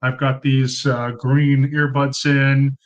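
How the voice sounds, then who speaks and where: A man's voice: medium pitch, flat delivery, slow, lo-fi sound. Thirties male streamer, loose chatty delivery full of ums, cheap mic in a room at home. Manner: chatty, rambling, many ums and uhs, thanks viewers by name. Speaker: livestream host. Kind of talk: casual live Q&A chat. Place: room at home under fluorescent lights. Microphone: cheap desk mic.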